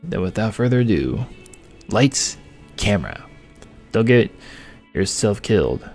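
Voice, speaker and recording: A man's voice: lowish voice, sing-song, a little slow, darkish tone, soft background music, exaggerated voice. A man voicing a bossy teasing show producer woman.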